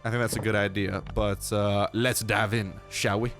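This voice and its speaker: A man's voice: on the low side, little pitch movement, normal speed, fairly bright tone, soft background music. A young man in his twenties, sick, giving chatty, slangy, joking commentary over his gameplay. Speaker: gaming YouTuber.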